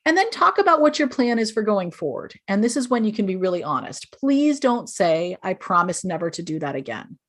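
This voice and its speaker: A woman's voice: medium pitch, very animated, a little fast, hardly any pauses. A woman speaking as a podcast guest, giving earnest, explanatory parenting advice and acting out sample phrases parents might say. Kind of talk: podcast interview.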